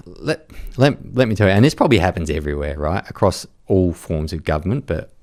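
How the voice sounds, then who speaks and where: A man's voice: deep voice, expressive, brisk, a little mellow. A man, a podcast host and army veteran, talking with passion and swearing in casual chat. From Australia.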